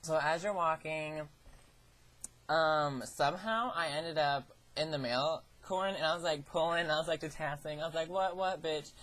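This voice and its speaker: A woman's voice: deep voice, normal speed, a bit bright. A teenage girl vlogging, telling a story in a chatty way, swearing often and acting out what people said. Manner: chatty, swears a lot, acts out quoted lines. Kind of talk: casual storytelling.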